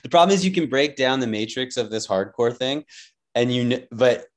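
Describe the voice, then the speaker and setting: A man hosting a podcast, rambling and riffing excitedly in casual chat. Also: mid-range voice, moderate pace. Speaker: podcast host.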